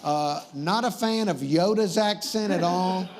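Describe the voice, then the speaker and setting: Wisecracking man hosting, high voice. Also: a little slow, slight background noise. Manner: rambling, wisecracking, easily sidetracked. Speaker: talk show host. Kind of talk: comedic talk show monologue.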